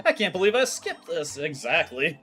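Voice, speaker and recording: A man's voice: fairly high pitch, sing-song, measured pace, bright, forceful tone, faint music behind. A man streaming a game, making wry, joking asides and reading dialogue aloud. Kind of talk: casual gameplay commentary, reading dialogue aloud.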